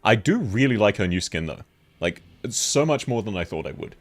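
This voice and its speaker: A man's voice: fairly low pitch, big pitch swings, brisk. A man with an Australian accent, chatting casually on a game stream, laughing often as he answers chat.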